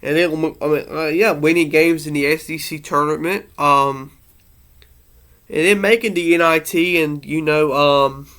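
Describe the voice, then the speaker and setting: A man speaks in a loose, heartfelt monologue, circling back and restarting his sentences. He sounds a little emotional. His voice sits a bit high and comes through smooth and clear. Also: fairly even intonation, unhurried, fairly bright tone. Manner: rambling, earnest, many fillers and restarts. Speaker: sports fan vlogger.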